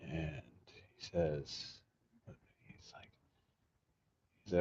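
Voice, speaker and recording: Deep-voiced, profane male vlogger who tells rambling stories, recorded on dull, muffled audio. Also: flat delivery, moderate pace, pauses often, darkish tone. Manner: rambling, profane, restarts sentences. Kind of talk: casual storytelling vlog. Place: outdoors in an urban jungle, sleeping rough.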